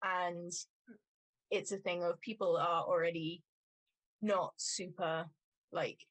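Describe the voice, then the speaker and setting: Girl chatting on a stream, lowish voice, dry close mic, says like and um a lot. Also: fairly even intonation, takes it slowly, fairly bright tone, no echo. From Scotland. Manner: explanatory, lots of "like" and "um". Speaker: cosplay livestream co-host. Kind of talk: casual chat.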